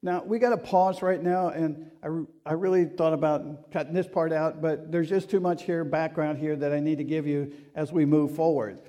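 A male pastor delivers a sermon in a high, mellow voice. He keeps it conversational, with rhetorical questions and asides. His tone stays earnest and urging throughout. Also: fairly even intonation, normal speed, few pauses.

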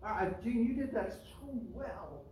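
A male pastor preaching in a loose, conversational way that climbs in pitch and force when he drives a point home. His voice rings with heavy echo and sits back from a distant microphone. A faint room hum runs underneath. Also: animated, unhurried, mellow. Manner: conversational preaching, rising emphatic on key words. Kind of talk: sermon. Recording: roomy echo, mic at a distance.

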